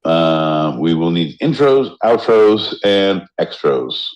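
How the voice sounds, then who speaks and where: A man co-hosting a podcast in casual banter, rowdy and joking, often jumping into loud mock voices. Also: sits low, very animated, takes it slowly, muffled recording. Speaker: podcast co-host.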